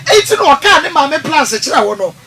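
A Ghanaian woman hosts a radio counselling programme, her voice high and bright. She presses her guests with sharp, probing questions, one after another. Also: very animated, normal speed, a little hiss or hum. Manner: probing, questions callers pointedly. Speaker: radio host. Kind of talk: call-in counselling talk show.

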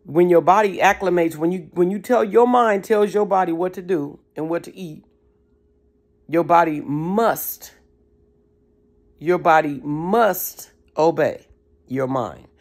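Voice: mid-range voice, takes it slowly. A motivational speaker who talks in an emphatic, preachy way with casual slang. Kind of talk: motivational talk.

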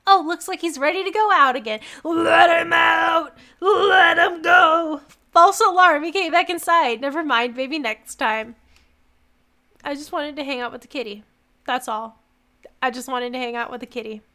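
A young woman streaming a game live, reacting in an excitable, giggly way and reading the game's text aloud. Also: high voice, normal speed.

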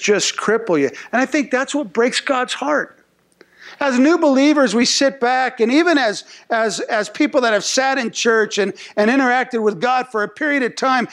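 A male pastor giving a conversational sermon who acts out short voices and often repeats words as he talks. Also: very high-pitched.

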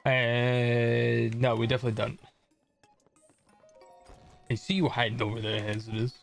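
A man's voice: mid-range voice, steady tone, a little slow, gravelly, faint music behind. A young man casually commenting on his gameplay as a streamer, chatting and joking with viewers. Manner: chatty, jokey, reads chat aloud.

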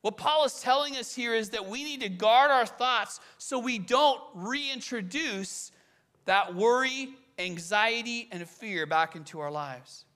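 A man preaching a sermon as pastor, animated and acting out quoted voices. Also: very high voice, measured pace.

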